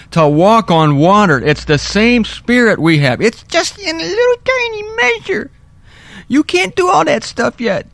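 A man with a fairly high voice leads a relaxed Bible lesson, reading verses aloud and breaking off for dry, humorous asides. The sound is close and dry, with no room around it. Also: no room sound. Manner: wry, chatty asides between readings. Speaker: Bible teacher. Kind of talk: informal scripture teaching.

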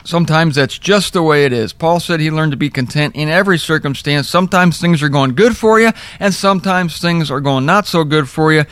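A man's voice: fairly high pitch, brisk, hardly any pauses, a bit bright, smooth, no echo. Wry, storytelling male Bible teacher. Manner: humorous storytelling with mocking asides. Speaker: Bible teacher hosting a daily talk. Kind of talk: conversational sermon.

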